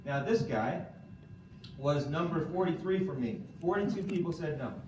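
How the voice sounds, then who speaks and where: Animated man quizzing a seminar audience. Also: fairly high pitch, moderate pace, slight background noise. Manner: animated, quizzes the audience, keeps asking "okay?". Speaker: seminar speaker. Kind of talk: motivational training talk. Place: room with a live audience. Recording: echoey room from far off.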